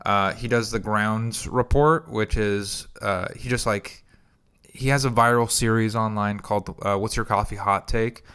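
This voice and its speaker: Podcast guy rambling thru stories, bright crisp voice, does little bits of voices. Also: on the low side, fairly even intonation, measured pace. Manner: rambling storyteller, acts out quoted voices. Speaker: podcast host. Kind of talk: casual chat.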